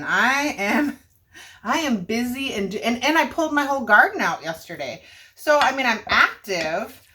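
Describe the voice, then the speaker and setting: A woman's voice: a little high, fairly bright tone, slight background noise. Chatty grandmother cooking at home. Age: older. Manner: chatty, rambling, frequent self-corrections and laughs. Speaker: homestead cooking vlogger. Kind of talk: casual cook-along chat to camera. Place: home kitchen.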